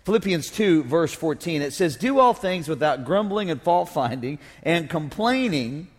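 Male pastor, high voice, playful call-and-response preaching, reverberant sanctuary. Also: sing-song, moderate pace, slightly rough. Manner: humorous, call-and-response with congregation. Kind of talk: sermon. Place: church sanctuary. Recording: long reverb of a church hall.

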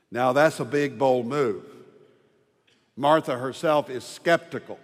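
A man preaching a sermon as pastor, dropping to hushed tender lows and rising to loud ringing proclamation. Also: takes it slowly, pauses often. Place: large church sanctuary. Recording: long hall reverb.

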